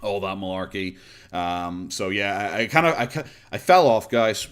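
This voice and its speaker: An Irish man chatting on a live stream, rambling from one thought to the next. His voice sits at a middle pitch, and his tone is sarcastic and loose. He laughs easily as he talks. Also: brisk, clear, resonant tone. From Ireland. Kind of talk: casual live-stream chat.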